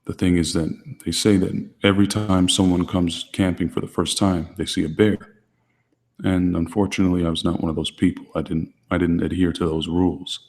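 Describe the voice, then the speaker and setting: A man hosting his channel, answering viewer questions in a calm, deliberately quiet, restrained way. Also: deep voice, big-room sound. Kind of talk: low-key livestream chat.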